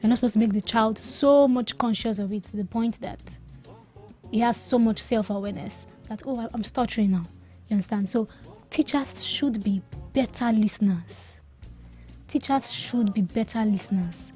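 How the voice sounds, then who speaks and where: A woman's voice: fairly high pitch, normal speed, mellow, soft background music. A woman from Nigeria, a speech and language pathologist, explaining as a radio guest and repeating key advice with emphasis.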